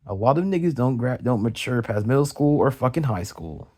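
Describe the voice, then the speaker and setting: A man's voice: mid-range voice, lively intonation, a little fast, a little mellow, husky. A young man venting in an agitated, profane late-night rant, tripping over restarts as he goes. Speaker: vlogger.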